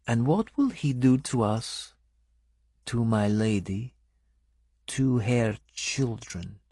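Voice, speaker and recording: An audiobook narrator, a man, voicing a wary, bitter foreign woman who speaks slowly and gravely with a foreign-sounding accent. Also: extremely low pitch, expressive, mellow, no room sound, studio quality, pitched above the performer's own voice, full character voice. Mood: bleak, wary. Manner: slow, measured, bleak delivery. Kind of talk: audiobook character voice.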